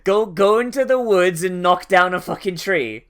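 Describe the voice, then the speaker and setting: A man's voice: high-pitched, moderate pace, a bit bright, smooth. Young guy, anime reactor, rambling and sweary, sarcastic asides. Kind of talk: casual reaction commentary.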